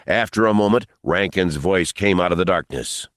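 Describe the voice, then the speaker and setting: A man reading an audiobook in an expressive, dramatic narration style. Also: sits low, moderate pace, no echo, studio quality. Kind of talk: scripted narration.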